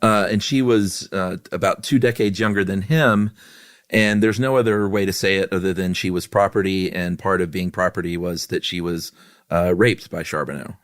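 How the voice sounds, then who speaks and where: A man co-hosting a podcast in casual chat, relaxed and self-deprecating with many fillers. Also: sits low, moderate pace, dry recording, studio quality. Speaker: podcast co-host.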